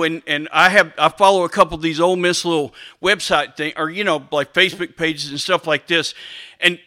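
A man preaching a sermon, animated and emphatic, with frequent restarts and asides. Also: high-pitched.

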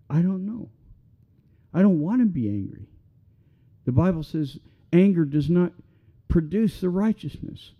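A man's voice: on the high side, phone-quality sound. A middle-aged man preaching a sermon as a pastor, talking in an earnest, conversational way that builds to passionate appeals.

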